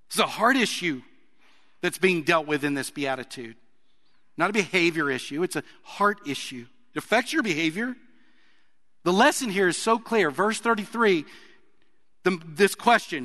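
Man, preacher, sermon, conversational, asks the audience questions, forceful tone, echoing hall. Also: high voice, animated, moderate pace. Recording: long reverb of a large hall.

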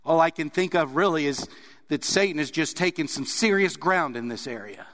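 A man preaching a sermon in an earnest way, sometimes pressing hard on a point and then dropping soft. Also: a little high, expressive, normal speed, long reverb tail, a little hiss or hum. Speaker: pastor.

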